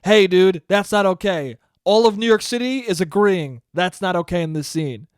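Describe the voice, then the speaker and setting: Podcast host, rambling comedic monologue, swears a lot, smooth voice, dry close mic. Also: medium pitch, animated, moderate pace, no echo. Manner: rambling, swears a lot, laughs at own jokes.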